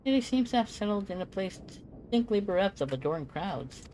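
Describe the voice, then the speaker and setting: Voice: medium pitch, sing-song, fairly quick, mellow, a little hiss or hum, voice pushed up, lightly acted, low-quality recording. A streamer reading as a formal young scholar. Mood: earnest.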